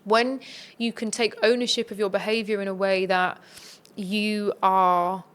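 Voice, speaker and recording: A woman's voice: mid-range voice, flat delivery, unhurried, fairly bright tone, clear, resonant tone. Earnest woman giving advice. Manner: earnest, reflective coaching tone. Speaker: podcast guest. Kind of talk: conversational podcast interview.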